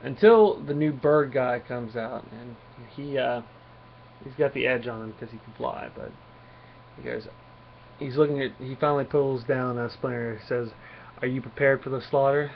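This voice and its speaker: A man's voice: medium pitch, steady tone, moderate pace, vocal fry, slight background noise. Rambling man in a lo-fi review. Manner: rambling plot retelling with many fillers. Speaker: comic book reviewer. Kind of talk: casual spoken review.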